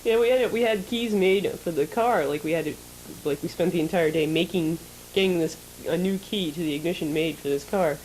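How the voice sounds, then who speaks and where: A woman co-hosting a casual chat show, telling an animated story, laughing often and acting out the people in it. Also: on the low side, a little fast, a little hiss or hum, low-quality recording. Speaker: show co-host.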